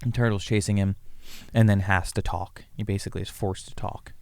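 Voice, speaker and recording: A man with a low, smooth voice in a dry, close-miked room, talking through comedy scenes in relaxed chat. He walks through the beats one at a time and drops into quick acted lines of dialogue along the way. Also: no room sound. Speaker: podcast co-host, comedy writer. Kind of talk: casual writing-room chat.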